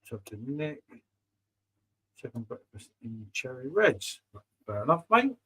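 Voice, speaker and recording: A man's voice: medium pitch, sing-song, measured pace, fairly bright tone, husky, low-quality recording. A man, hosting a casual livestream chat over beers and talking in a laid-back, matey way. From England. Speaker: livestream host.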